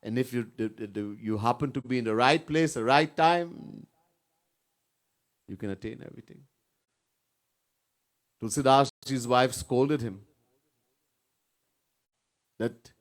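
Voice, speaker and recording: A man's voice: fairly high pitch, a little slow, pauses often. A man, a swami giving an informal sermon at a retreat, chatting, repeating himself and often asking "right?". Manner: conversational, repeats words, asks "right?" often, chuckles. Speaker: swami leading a spiritual retreat.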